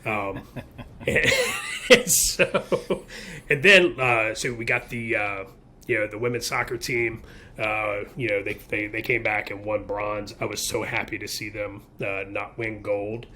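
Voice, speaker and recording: Casual male co-host: blunt, rambling, bright forceful voice, faint room noise behind. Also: fairly low pitch, unhurried. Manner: rambling, blunt, heavy filler words. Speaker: podcast co-host. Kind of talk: casual opinionated chat.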